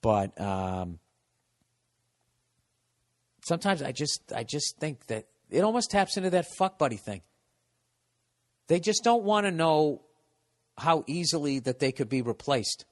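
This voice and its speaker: A podcast host talking off the cuff in a blunt, cynical rant. He swears constantly and trips over his own words, restarting sentences as he goes. His voice sits somewhat high for a man. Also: very animated, measured pace, pauses often. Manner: profane, rambling, stumbles and restarts.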